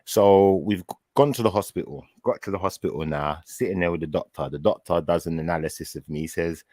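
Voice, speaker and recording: A man chatting casually, telling a long personal story with lively acted-out quotes. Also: deep voice, brisk, no room sound, clean studio sound. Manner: animated storyteller, acts out his own quoted words. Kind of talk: casual chat.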